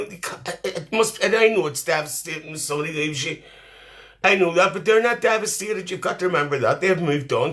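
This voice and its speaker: Man as a auntie, cheeky, motherly, high-ish voice, bright, phone live stream. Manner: cheeky, teasing, motherly, lots of laughter. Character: chatty cheeky middle-aged Irish auntie woman. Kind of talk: live stream chat reading comments.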